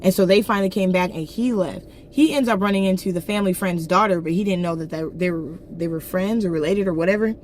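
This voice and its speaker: A woman casually retelling a novel's plot, slangy and blunt, jumping into characters' lines with quick voice changes. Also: fairly low pitch, slight background noise. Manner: animated, acts out characters' lines in quick voice shifts; slangy, blunt asides and swearing. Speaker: book reviewer.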